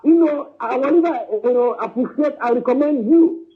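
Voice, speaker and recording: The voice is very high and moderately paced: a man from southeastern Nigeria calling a live stream by phone. Insistent on his point, he repeats "you know" and "understand?" and keeps calling the host "my brother," his words coming through a tinny line.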